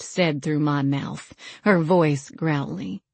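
A woman narrating a first-person novel in a wry, measured way, recorded on a close studio mic. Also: low voice, no room sound. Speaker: audiobook narrator.

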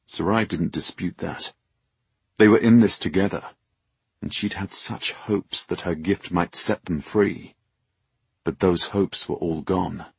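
A man reading an audiobook novel in a measured, dramatic way. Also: low voice, fairly even intonation, gravelly, breathy edge, no echo. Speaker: audiobook narrator. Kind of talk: scripted narration.

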